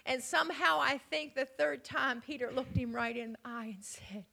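Woman preacher w/ a high bright voice, goes from whispers to loud build-ups. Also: normal speed, vocal fry. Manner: dramatic storytelling, dropping to near whispers and rising to loud emphatic peaks. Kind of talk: sermon.

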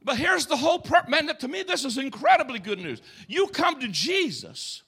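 A man preaching in a church with a very high, gravelly voice that has a bright, forceful edge. He drives an emphatic call-and-response sermon, calling out to the congregation. He swings between shouting and dropping to hushed tones. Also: very animated, normal speed. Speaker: pastor. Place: church sanctuary.

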